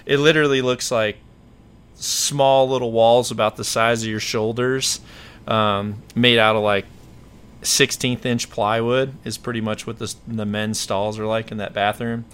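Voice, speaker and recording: A man's voice: medium pitch, flat delivery, unhurried, fairly bright tone, smooth. A man hosting a podcast, telling a story in a rambling, self-correcting way. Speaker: podcast host. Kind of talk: casual storytelling chat.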